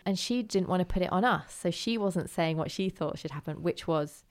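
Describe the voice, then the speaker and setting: A woman interview guest telling her own story candidly, lively, putting on voices when she quotes others. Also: lowish voice, moderate pace. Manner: animated, does voices of others when quoting.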